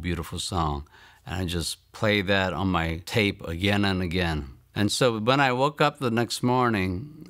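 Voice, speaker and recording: A man in his fifties from Maryland, telling a personal testimony in earnest storytelling, often trailing off softly at phrase ends. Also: deep voice. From Maryland, United States. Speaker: guest giving a testimony.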